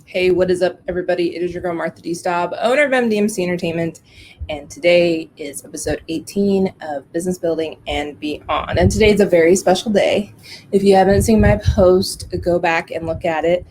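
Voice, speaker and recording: A woman hosting her own podcast, animated and candid, telling personal stories and swearing freely. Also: fairly low pitch, fairly quick, slight background noise. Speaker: podcast host. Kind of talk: casual podcast monologue.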